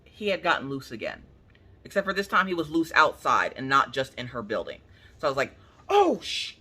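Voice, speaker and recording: A woman crafting-channel host from Pennsylvania, telling a story in casual chat, animated and colloquial, acting out what people said. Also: a bass voice, brisk, breathy edge. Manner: animated, colloquial, acts out quotes.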